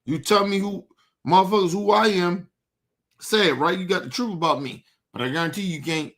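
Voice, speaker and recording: A man's voice: high-pitched, a little fast, fairly bright tone. A man delivering an angry, profane monologue to his audience, repeating himself and challenging his target directly. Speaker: show host.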